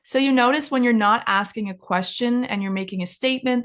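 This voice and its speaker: A young woman teaching an English lesson, who says each travel phrase slowly and clearly for learners to repeat, in a casual, encouraging way. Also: mid-range voice. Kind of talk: English lesson with shadowing drills.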